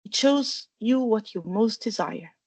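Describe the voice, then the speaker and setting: A woman voicing a quiet, earnest young schoolboy wizard who gives plain, subdued replies in a storybook reading. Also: fairly high pitch, expressive, a little slow, slightly rough, dry recording, full character voice.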